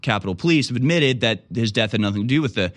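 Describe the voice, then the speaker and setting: A man's voice: mid-range voice, expressive, quick pace, fairly bright tone. A man hosting a political talk show, delivering indignant, sarcastic commentary.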